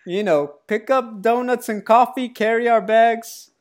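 A woman co-hosting a casual sports podcast, chatting in a playful, joking, animated way. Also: a little high, unhurried. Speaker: podcast co-host.

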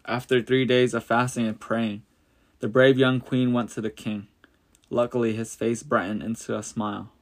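A man reading a Bible story aloud in a plain, steady way, lightly voicing the quoted characters. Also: medium pitch, moderate pace.

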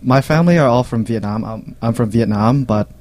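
A man's voice: medium pitch, fairly quick, a little mellow. A young man in a dance group, answering briefly and matter-of-factly. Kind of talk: casual interview chat.

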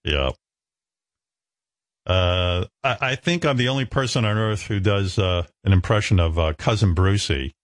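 A blunt male radio host with a deep, low voice, talking casually and often stopping to restart a sentence. The sound is close and dry, with no room in it. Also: animated, unhurried, no echo.

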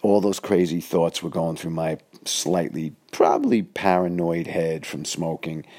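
A man's voice: low voice, unhurried, a little mellow. A man, telling a rambling podcast story full of fillers and restarts. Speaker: podcast host. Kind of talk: casual storytelling monologue.

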